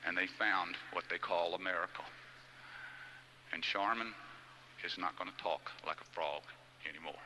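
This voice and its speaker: A man's voice: deep voice, moderate pace, long pauses, bright, forceful tone, a little hiss or hum, poor audio. A middle-aged man giving a motivational speech, telling a personal story in a folksy, heartfelt way. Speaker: motivational speaker.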